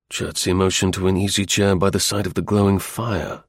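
With a deep voice, this man narrates a novel from a script for an audiobook, his storytelling steady and controlled. The sound is clean studio audio without any echo.

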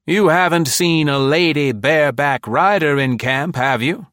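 A man voicing a big, eccentric colonel in an audiobook, with a shrill, drawn-out, theatrical delivery. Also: a bit bright, no room sound, clean studio sound. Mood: jovial. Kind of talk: audiobook character voice.

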